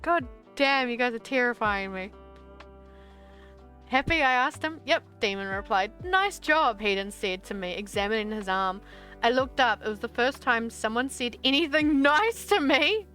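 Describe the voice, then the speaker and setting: A woman's voice: on the high side, expressive, moderate pace, pushed and bright, faint music behind. A young woman streamer reading her old story aloud, breaking off into exasperated, swearing asides.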